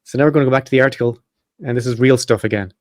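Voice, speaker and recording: A man hosting a podcast, reading from his notes in a casual, profane way and breaking off with quick asides. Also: mid-range voice, darkish tone, no echo, studio quality. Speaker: podcast host.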